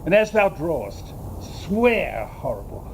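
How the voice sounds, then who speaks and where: A man's voice: on the high side, very animated, unhurried, gravelly, a little hiss or hum, exaggerated voice. A man playing a boisterous scheming knight. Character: jovial drunken knight Sir Toby. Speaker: community theatre actor. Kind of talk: outdoor stage play.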